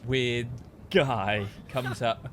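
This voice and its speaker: A man hosting a casual podcast chat, halting with lots of "uh" and often laughing. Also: mid-range voice, steady tone, noisy background. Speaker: podcast host.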